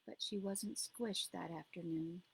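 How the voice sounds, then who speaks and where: A woman reading her own novel aloud as narrator, in a steady, measured storytelling voice. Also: on the low side, vocal fry, slightly rough, poor audio. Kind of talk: audiobook reading.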